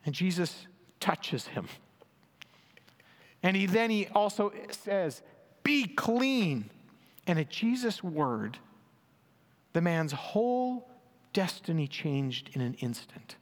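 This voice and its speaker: A man's voice: high-pitched, animated, slow pace, long pauses. A man preaching a sermon, reading and explaining scripture in an earnest, emphatic way, lifting his voice for quoted lines. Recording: long hall reverb.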